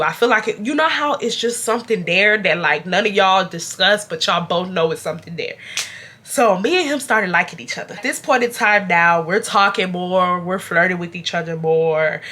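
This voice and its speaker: A young woman with a bright, forward voice tells a casual storytime straight to her viewers. She is chatty and animated, calling out to them as y'all, even though she is sick and feeling unwell. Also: lowish voice. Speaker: YouTube storyteller.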